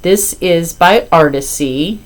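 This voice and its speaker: A woman's voice: on the low side, slow pace. A woman in her fifties, chatting casually to camera about her cross-stitch, rambling and often apologizing as she goes.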